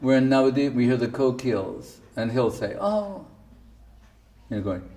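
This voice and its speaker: A male spiritual teacher, seated, giving a devotional sermon with provocative, animated storytelling and frequent laughter. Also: mid-range voice, normal speed, distant mic. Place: indoor temple hall, seated.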